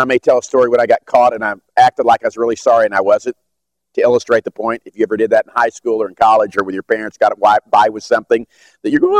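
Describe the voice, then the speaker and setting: A man's voice: mid-range voice, no room sound, poor audio. A man teaching a Bible study lesson in a conversational way, acting out little dialogues and restarting his sentences.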